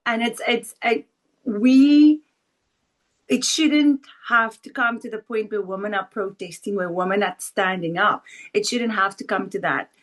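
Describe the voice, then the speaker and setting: This South African woman co-hosts a podcast and talks in casual chat with earnest, heartfelt emotion. Her voice is medium in pitch, and she speaks at a measured pace.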